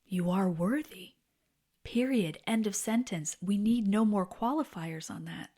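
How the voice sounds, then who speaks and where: A woman in her forties, a podcast host, telling a frank personal story in a candid, animated way that drops to soft, hushed tones. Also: mid-range voice, unhurried.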